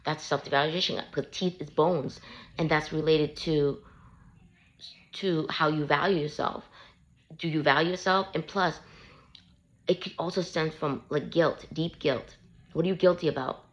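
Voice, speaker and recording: A woman's voice: low-pitched, moderate pace, pauses often, low-quality recording. A woman, a parent, giving self-help advice to camera in a casual, earnest, repetitive coaching way, recorded on a phone she holds. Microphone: handheld phone.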